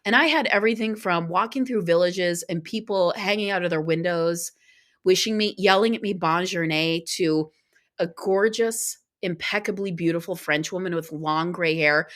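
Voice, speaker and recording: A woman guest on a podcast, telling a travel story in casual conversation, talking in quick bursts with restarts. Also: on the low side. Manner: animated, acts out quoted dialogue.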